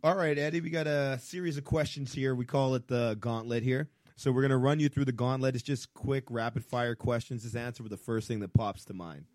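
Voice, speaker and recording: Man, podcast host, easygoing, jokey, mid pitch. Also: fairly even intonation, brisk, hardly any pauses, darkish tone, no room sound. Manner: easygoing, joking questioner. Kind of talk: casual chat, interviewing.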